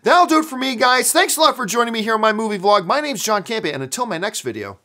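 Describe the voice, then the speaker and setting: A man hosting a casual movie review vlog, chatty and animated, acting out his own reactions. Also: high voice, fast talker. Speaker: movie vlogger.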